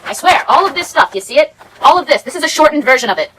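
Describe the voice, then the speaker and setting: A woman vlogger rattles through a movie recap at a very quick clip, her voice bright and sharp. She sounds sarcastic and exasperated, rambling from one complaint to the next in casual commentary. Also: high voice, lively intonation, a little hiss or hum, poor audio.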